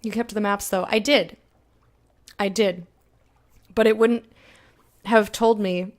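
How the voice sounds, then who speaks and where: Excitable swearing woman streamer. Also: mid-range voice. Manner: excitable and swearing, reads game text aloud slowly. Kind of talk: blind let's-play commentary, chatting with viewers.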